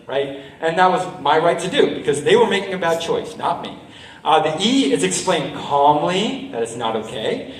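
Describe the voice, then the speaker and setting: A high-voiced man addresses a school assembly with an animated, motivational delivery. He keeps checking in with the crowd through quick asides. His voice rings through a large, echoey hall, picked up from some distance away. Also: a little hiss or hum. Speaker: school assembly speaker and juggler. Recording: roomy hall, mic from a distance.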